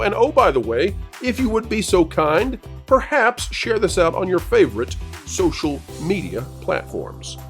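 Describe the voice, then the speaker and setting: Man, host, high voice, lively swings in pitch, faint music behind. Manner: animated, mocking, showman sign-off. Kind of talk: casual panel chat and outro.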